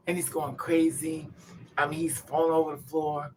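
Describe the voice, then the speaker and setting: A woman's voice: low voice, fairly even intonation, fast talker, a little hiss or hum. A woman vlogger telling a rambling, profane story in casual chat to her viewers.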